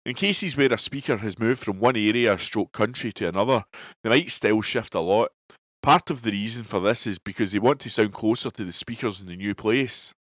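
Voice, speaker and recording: A Scottish man, a volunteer, reading newspaper articles aloud in a steady, careful way, even speaking the punctuation. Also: fairly low pitch, no room sound.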